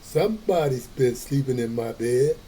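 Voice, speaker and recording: A man's voice: medium pitch, expressive, normal speed, dark tone, slight background noise, voice pushed down, close to an everyday voice, low-quality recording. A man voicing a great big, growling papa bear in a storybook reading. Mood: grumbling.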